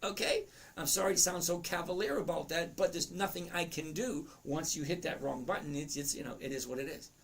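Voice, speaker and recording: A man in his fifties who teaches trading speaks fairly quickly in a fairly high, cracking voice with fairly even intonation. He chats through a live lesson, reading viewer comments aloud and interrupting himself.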